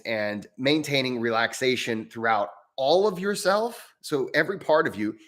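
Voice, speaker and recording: A man's voice: medium pitch, fairly bright tone. A man hosting a live Q&A as a breathwork coach, explaining in an earnest way and thinking aloud as he answers member questions.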